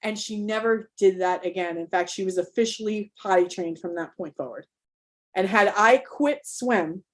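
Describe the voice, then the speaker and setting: A woman's voice: mid-range voice, normal speed. A middle-aged woman leading an online workshop, telling a candid, emotional personal story with many restarts. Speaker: workshop host, parent coach. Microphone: video call.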